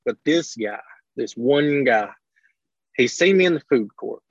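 A man's voice: medium pitch, animated, unhurried, husky, no echo, highs cut off. A man, an online creator chatting casually on a podcast, swearing and acting out what people said. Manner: profane, storytelling, acts out quotes.

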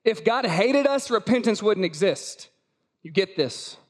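A man's voice: sits high, animated, measured pace. A man preaching a sermon as pastor at a church service, emphatic and repetitive, full of rhetorical questions.

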